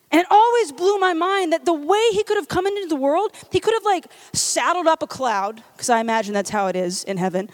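A woman from Louisiana giving a comedic storytelling sermon, chatty and self-deprecating, with many "like"s. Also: sits high. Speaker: church speaker.

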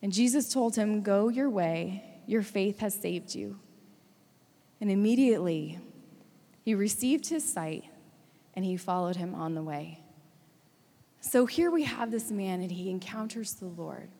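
A woman preaching a sermon, retelling a story with dramatic swings between hushed and urgent delivery. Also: medium pitch, lively intonation, measured pace, pauses often. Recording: long hall reverb.

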